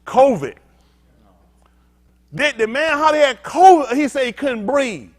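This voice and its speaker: A male pastor teaches a sermon with call-and-response, his high voice leaping up and down in pitch. He's blunt, street-talking, expressive and unhurried, swinging from loud, emphatic bursts to low, muttered asides.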